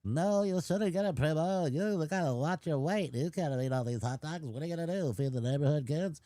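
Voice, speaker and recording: A man voicing a sweet-talking male angel hot dog who gently reassures him, in a slightly raised voice. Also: a little high, a little fast, no echo, pitched above the performer's own voice, natural voice. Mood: coaxing. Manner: coaxing, reassuring.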